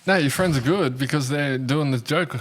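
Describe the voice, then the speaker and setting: A man hosting a casual advice podcast, dropping dry one-line quips into his co-host's story. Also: on the high side. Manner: dry, quick one-liner interjections. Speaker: podcast host. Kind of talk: casual chat.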